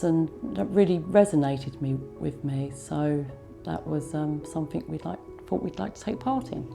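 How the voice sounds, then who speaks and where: A mother speaks hesitantly about joining the research, her voice very low and dark with a gravelly creak. Faint music plays underneath. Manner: hesitant, with fillers. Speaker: parent of a research participant. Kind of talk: documentary interview.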